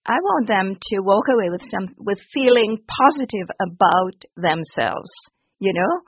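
A woman, a children's author, speaking warmly and enthusiastically in a radio interview and laughing often. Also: medium pitch, expressive, measured pace, slightly rough, no room sound. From Jamaica. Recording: dull lo-fi broadcast audio.

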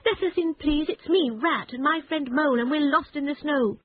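Woman doing a high, pleading little rat. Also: moderate pace, no echo, close to an everyday voice. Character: anxious small male water rat. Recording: tinny phone-like band.

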